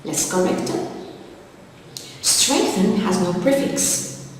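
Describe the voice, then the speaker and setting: Slow, echoey woman teaching a lesson. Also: medium pitch, animated, a little hiss or hum. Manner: slow, methodical, dictating word lists. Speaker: English teacher. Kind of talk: exam-prep lesson. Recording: echoey hall, distant mic.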